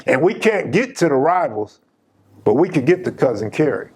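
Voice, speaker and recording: A man's voice: medium pitch, animated, normal speed, a little mellow, breathy edge. A man hosting his channel, casually telling a personal story in an emphatic, slang-heavy way.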